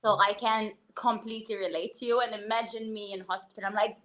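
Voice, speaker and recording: A woman guest talking candidly and earnestly on a talk show, telling stories with animated asides. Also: medium pitch, a little fast, few pauses. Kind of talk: casual talk-show conversation.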